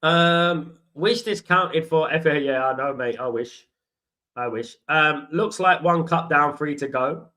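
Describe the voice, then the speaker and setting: A man's voice: on the high side, a little slow, sharp tone, poor audio. A man, hosting a football fan watchalong and telling stories to viewers in a casual chat. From London. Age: 40s. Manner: chatty storytelling, addresses viewers as guys and mate. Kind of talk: casual live-stream chat.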